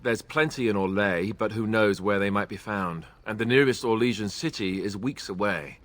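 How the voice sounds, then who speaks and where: A man's voice: lowish voice, normal speed, a bit bright, lightly acted. An actor with a British accent playing a young male Grey Warden, a former templar with a dry, self-deprecating and hesitant way of talking. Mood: wry. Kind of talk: video game dialogue.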